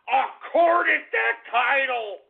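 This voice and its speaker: A man's voice: extremely high pitch, lively intonation, very slow, creaky, breathy edge. A man hosting a call-in radio show, ranting angrily and swearing. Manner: angry, swearing, shouting rants. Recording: tinny phone-like audio.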